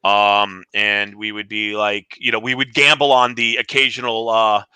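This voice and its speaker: A man co-hosts a casual movie chat in a voice with a very sharp, bright edge. The sound is close and dry. He rambles with opinions and often starts his sentences over. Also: lowish voice, flat delivery, normal speed, clean tone, dry recording. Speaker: co-host.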